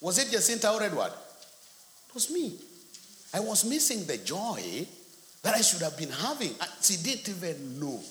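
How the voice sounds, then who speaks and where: Animated preacher in an echoey hall. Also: male voice, high voice, normal speed. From Kenya. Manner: animated storytelling, acts out quotes. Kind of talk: sermon. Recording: echoey hall, faint noise.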